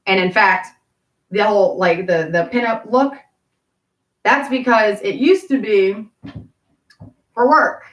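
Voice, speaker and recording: A woman's voice: medium pitch, slow pace, long pauses, muffled recording. Woman, tangential, profane, restarts a lot, echoing room, distant mic. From Appalachian Kentucky. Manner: tangential, profane, self-interrupting. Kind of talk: rambling storytelling. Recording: roomy, from far off.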